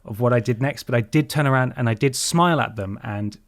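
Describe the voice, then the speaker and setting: A man telling a story on a podcast, animated and quick to swear. His voice sits mid-range and sounds dry and close, with no room around it. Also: medium pitch, no room sound. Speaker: podcast host. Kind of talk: casual chat, storytelling.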